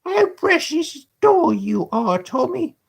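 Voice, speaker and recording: A man's voice: big pitch swings, takes it slowly, creaky, heavily acted. A man reading aloud voices a cocky young male pickpocket who needles the others. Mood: needling. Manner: needling, high and sharp.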